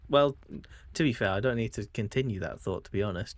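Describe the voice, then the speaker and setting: Speaking briskly in a lowish voice, an English man casually narrates his own gameplay for a stream. He keeps it wry and playful, occasionally putting on an exaggerated posh manner.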